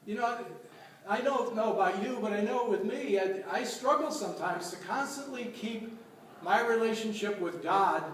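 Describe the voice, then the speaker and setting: A man's voice: high voice, a bit bright, slight background noise. A man serving as a deacon, giving a conversational sermon and telling stories to his congregation. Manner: storytelling, conversational homily. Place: church. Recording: echoey church from far off.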